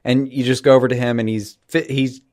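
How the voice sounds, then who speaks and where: A man's voice: medium pitch, little pitch movement, quick pace, a little mellow, dry recording, clean studio sound. A man co-hosting a podcast in casual chat, wry and joking. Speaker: podcast co-host.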